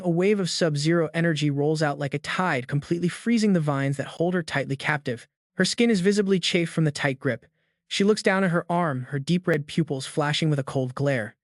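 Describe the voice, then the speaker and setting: A male narrator tells a comic's story in steady, dramatic scripted narration. His voice sits a little high. The recording is dry, with no room sound around it. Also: no room sound.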